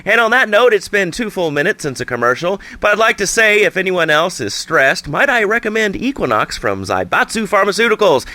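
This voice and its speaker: A man hosting a call-in radio show, wry and sarcastic and quick to cut off callers. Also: high voice, big pitch swings, pushed and bright, no room sound. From upstate region of the US. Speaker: radio talk show host.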